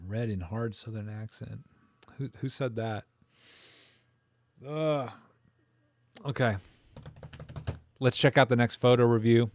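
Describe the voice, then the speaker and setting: A man's voice: mid-range voice, a little slow, long pauses, a little mellow, dry recording. Rambling jokey man on a dry mic. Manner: rambling, jokey, reads chat comments aloud. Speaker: host of a live camera stream. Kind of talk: casual live-stream chat.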